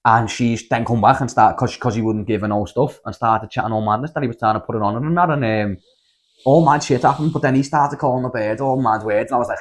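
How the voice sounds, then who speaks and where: A man's voice: medium pitch, fast. A young man, co-hosting a podcast in casual chat, telling stories full of slang and swearing. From Liverpool, England. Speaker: podcast co-host.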